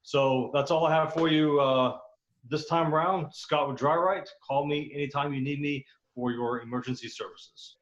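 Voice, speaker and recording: A man pitching his restoration company on a video call, in a plain salesy way with some fillers. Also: steady tone, moderate pace, fairly bright tone. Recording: dull lo-fi video call audio.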